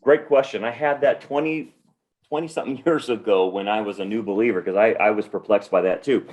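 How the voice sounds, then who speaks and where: A middle-aged man, a pastor, answering a listener's Bible question with calm, steady explanation. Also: fairly low pitch, brisk. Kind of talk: Bible teaching in a podcast Q&A.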